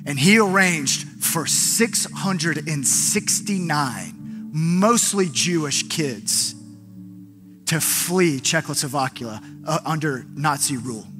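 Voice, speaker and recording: A male pastor preaching an impassioned sermon, moving between urgent appeals and hushed storytelling. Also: a little high, expressive, slow, music in the background. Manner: impassioned, building to pleas and soft hushed moments.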